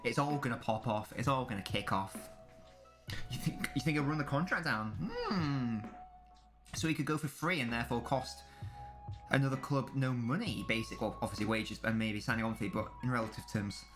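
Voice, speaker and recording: A man's voice: medium pitch, brisk, fairly bright tone, faint music behind. Man commentating a match live. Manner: casual banter with chat, swearing. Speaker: streamer.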